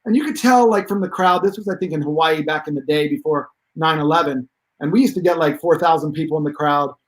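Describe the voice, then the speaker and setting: A man's voice: fairly high pitch, quick pace, rough recording. A man speaking as a guest expert on pain relief, telling stories emphatically with rambling asides. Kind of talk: animated storytelling.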